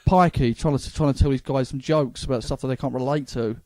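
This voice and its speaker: A man's voice: medium pitch, fairly even intonation, brisk, a little mellow, no echo. A man with a London accent, a comedian hosting a casual podcast chat, rambling with stammering restarts. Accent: London English. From England.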